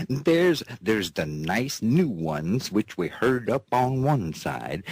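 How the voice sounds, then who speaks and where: Host, male, deep husky voice, slow folksy drawl, bouncy intonation, comic cowboy patter. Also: darkish tone, no echo. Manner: drawling, repeats "that's right", chuckles between phrases; playful cowboy-style banter with an off-mic partner. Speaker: host of a news and commentary show.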